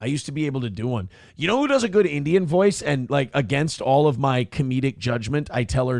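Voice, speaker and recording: A man's voice: medium pitch, lively intonation, fairly quick, creaky, hardly any pauses, darkish tone, dry recording, studio quality. A man hosting a morning show, talking in a crude, profane and mocking way as casual opinionated chat.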